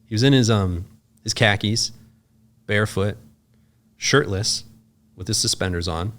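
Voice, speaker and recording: A man with a somewhat low voice recounts a story as a podcast guest. His speech is loose and casual, peppered with filler words and cursing. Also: unhurried, a bit bright. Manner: loose and profane, full of "like" fillers.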